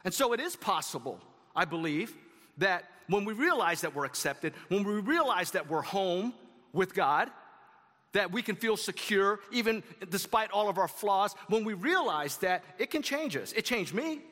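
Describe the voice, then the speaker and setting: Man, pastor, conversational sermon, bright tone, reverberant church hall. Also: sits high, very animated, normal speed. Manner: conversational preaching with asides to the congregation. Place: church sanctuary.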